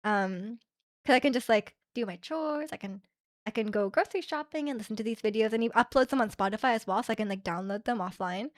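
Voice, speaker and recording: A woman's voice: a little high, fast, no echo, clean studio sound. Chatty young Canadian woman streamer. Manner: chatty, lots of fillers, reads chat aloud. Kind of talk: casual chat with stream viewers.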